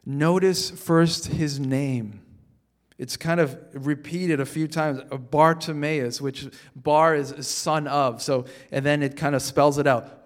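A man preaching a sermon in a conversational way, often repeating words as he starts a sentence and moving between quiet scripture reading and emphatic peaks. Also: a little high, fairly even intonation, takes it slowly. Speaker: pastor.

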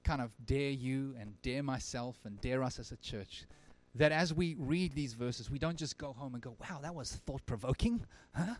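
A male pastor preaching a sermon at a church service, earnest, swinging from emphatic lines to very quiet ones. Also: medium pitch, normal speed, hardly any pauses.

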